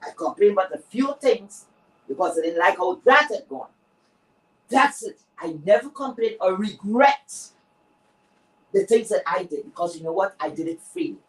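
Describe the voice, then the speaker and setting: A Caribbean-accented woman on a livestream, ranting with heavy cursing. Her voice swings between loud outbursts and low grumbles, and she hammers the same phrases again and again. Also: animated, normal speed, slightly rough. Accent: Caribbean English. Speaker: livestream host. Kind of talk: heated livestream rant.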